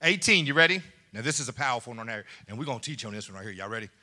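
A man's voice: mid-range voice, expressive, very fast, bright, forceful tone. A man preaching a sermon as pastor, with laughing asides and call and response to the congregation.

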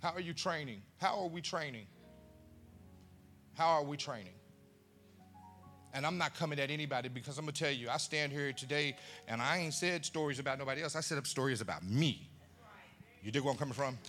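A man's voice: medium pitch, fast, soft background music. A man preaching to a live audience, telling funny family stories, acting out voices and questioning the crowd. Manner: animated storyteller who acts out family voices and quizzes the crowd. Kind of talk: storytelling sermon to a live audience.

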